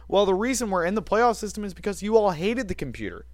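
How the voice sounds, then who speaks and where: A man's voice: high voice, big pitch swings, quick pace, no echo. A man co-hosting a casual sports talk show, giving opinionated takes with wry, self-mocking asides.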